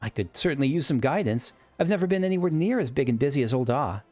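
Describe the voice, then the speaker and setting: A man's voice: medium pitch, animated, fast talker, darkish tone, faint music behind, natural voice. A man voicing an earnest sixteen-year-old boy from a video game, an aspiring adventurer who is polite and a little nervous. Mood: eager. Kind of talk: reading game dialogue aloud.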